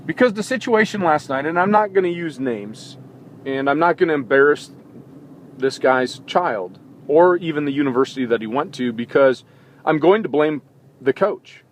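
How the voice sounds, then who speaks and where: A man's voice: fairly high pitch, animated, normal speed, slight background noise. A man hosting a sports talk show, giving an impassioned opinion monologue full of indignant rhetorical questions, recorded in a vehicle.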